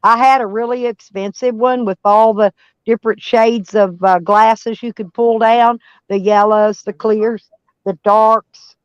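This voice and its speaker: A woman's voice: a little high, fairly even intonation, a little slow, clean tone, no echo, muffled recording. A woman from Arkansas with a Southern US country accent, chatting casually in a rambling, stop-start way. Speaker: van life vlogger. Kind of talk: casual chat.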